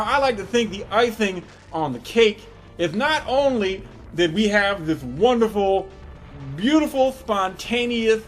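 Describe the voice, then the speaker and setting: High-voiced, profane male comic storyteller. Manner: profane, animated, building jokes with sudden shifts in loudness. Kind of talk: comedic storytelling monologue.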